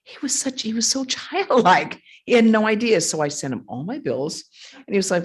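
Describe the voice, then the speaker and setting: Lively husky-voiced woman storyteller. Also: mid-range voice, normal speed. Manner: animated, acts out voices of others, laughs often. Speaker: monastic speaker at a retreat. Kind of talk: storytelling talk with audience questions.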